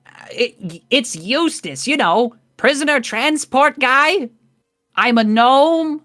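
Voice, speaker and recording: A man's voice: very high voice, expressive, slow, sharp tone, faint music behind, pitched above the performer's own voice, heavily acted. A man voicing a flustered male gnome cart driver who babbles and pleads to be let in. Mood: pleading.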